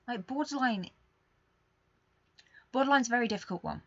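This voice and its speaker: A young woman hosting a podcast, talking candidly in a rambling, confessional way that swings between quiet and emphatic. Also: medium pitch, expressive, fast talker, creaky, long pauses, no echo, dull audio. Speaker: podcast host. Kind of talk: casual confessional monologue.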